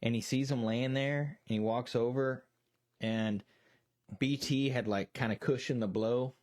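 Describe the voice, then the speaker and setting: A man's voice: mid-range voice, fairly even intonation, measured pace, a little mellow. A man co-hosting a casual movie discussion, retelling scenes with lots of swearing and quoted voices. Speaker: podcast co-host.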